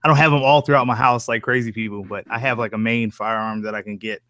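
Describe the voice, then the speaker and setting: A man's voice: medium pitch, steady tone, quick pace, pushed and bright. An easygoing man hosting a stream, chatting casually and laughing often. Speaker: stream host. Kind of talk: casual chat.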